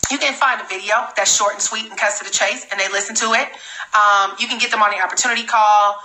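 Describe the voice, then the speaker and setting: A woman giving an energetic, emphatic live-streamed sales training talk as a network marketing trainer. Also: mid-range voice, quick pace, reverberant, slight background noise, rough recording. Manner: energetic, emphatic, repeats for stress.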